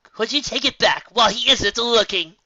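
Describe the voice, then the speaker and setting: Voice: mid-range voice, moderate pace, bright, forceful tone, no room sound, highs cut off, pitched above the performer's own voice. A reader voicing a sensible young unicorn filly, practical and upbeat. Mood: helpful.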